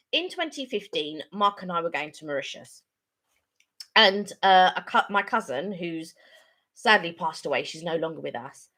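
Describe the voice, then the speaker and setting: A woman's voice: medium pitch, fairly bright tone. A middle-aged woman co-hosting a casual live-stream chat, rambling and chatty, laughing easily. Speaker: channel co-host.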